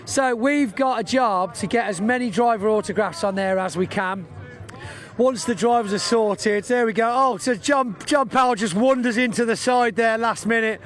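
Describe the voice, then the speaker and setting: High-voiced, chatty male presenter outdoors. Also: fairly bright tone. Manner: chatty, jokey, quick asides. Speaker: trackside presenter. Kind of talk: live walkabout presenting. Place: outdoors at a racing circuit.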